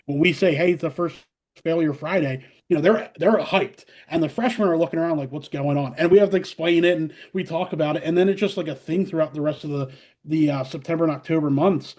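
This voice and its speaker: A man, a college softball head coach, telling stories in a casual interview with lots of fillers and quick restarts. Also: a little high. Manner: energetic, quick storytelling with many fillers and restarts.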